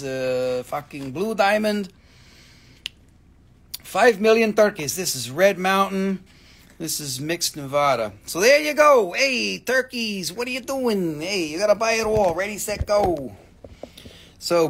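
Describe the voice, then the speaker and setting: A man's voice: high-pitched, pushed and bright. A man hosting a live rock-selling stream, rambling casually, swearing freely and calling out prices to viewers.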